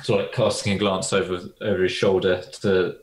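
Low-voiced man playing a tabletop character. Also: level tone, brisk, reverberant, low-quality recording. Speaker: player. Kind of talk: describing his character's actions.

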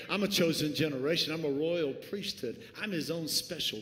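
A man preaching a sermon as pastor, swinging from hushed lines to shouts. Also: fairly high pitch, moderate pace, a little hiss or hum. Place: church sanctuary. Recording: echoey church hall, faint ambience.

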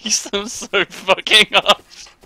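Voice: mid-range voice, steady tone, extremely slow, bright, forceful tone. A gamer giggling nonstop while playing a game with a friend. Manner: giggling constantly, amused. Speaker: co-player. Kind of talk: casual gaming commentary.

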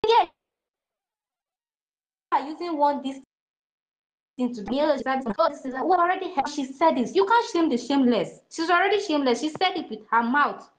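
Brief: high-pitched Nigerian woman, heated opinion rant, hammers each point home. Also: lively intonation, moderate pace, pauses often. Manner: heated, emphatic, repetitive. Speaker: speaker in an online audio chat.

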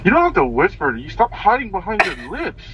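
A man's voice: high-pitched, wildly swooping pitch, brisk, pushed and bright, slight background noise, rough recording. A young man in casual chat, flustered and bickering with a friend. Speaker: friend being picked up.

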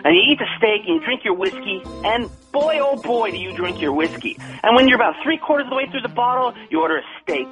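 Brief: man, tough-guy bravado, preachy phone advice, very animated delivery. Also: extremely high pitch, fast, hardly any pauses, faint music behind, low-quality recording. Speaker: friend giving advice by phone.

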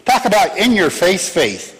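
Male pastor lively, emphatic sermon voice, fairly high, long hall reverb. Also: a little slow. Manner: animated, emphatic, swings from loud to hushed. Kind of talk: sermon with scripture reading.

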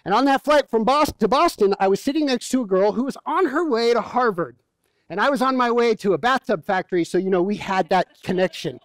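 A male pastor delivers a sermon in a relaxed, joking, storytelling manner. His voice sits high for a man. The sound is dry and close, with little room echo. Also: fairly quick. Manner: conversational, humorous storytelling. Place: church.

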